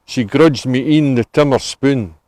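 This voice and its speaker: A Scottish man reciting Scots dialect poetry outdoors on a cemetery tour, with a measured, relishing delivery. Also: mid-range voice, a little mellow, no room sound. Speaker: tour volunteer reciting poems.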